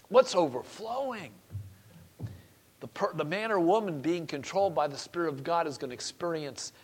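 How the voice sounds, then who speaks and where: A man's voice: high-pitched, fairly bright tone. A man preaching a sermon as pastor, emphatic, repeating key phrases and putting questions to the congregation.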